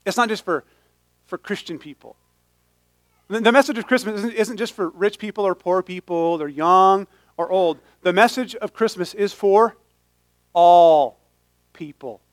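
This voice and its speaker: A man with a fairly high voice preaches with lively humor. He often breaks off and restarts his sentences, and the recording is close and dry. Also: no room sound. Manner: animated, humorous, self-interrupting. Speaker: pastor. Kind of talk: sermon.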